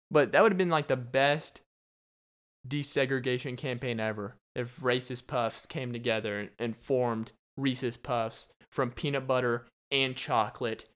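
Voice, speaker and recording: A man's voice: medium pitch, a bit bright, clear, resonant tone. A young man hosting a casual solo podcast, rambling and joking and laughing often. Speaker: podcast host.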